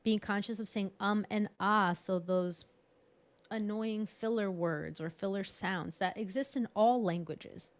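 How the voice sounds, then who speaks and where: A woman's voice: medium pitch, unhurried. A bilingual woman presenting a live online workshop over a video call, talking in a chatty, encouraging way and laughing at herself. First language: bilingual English and Spanish.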